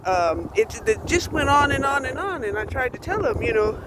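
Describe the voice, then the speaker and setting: A woman's voice: high voice, lively intonation, normal speed, hardly any pauses, noisy background. A woman in her sixties speaking bluntly in a candid personal monologue, often checking in with "right?" and "you know". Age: 60s. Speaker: vlogger.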